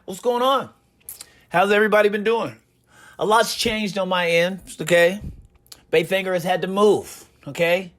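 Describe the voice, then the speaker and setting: A man giving casual commentary on his gaming community, telling stories in an animated way with a repeated catchphrase. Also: high-pitched, moderate pace.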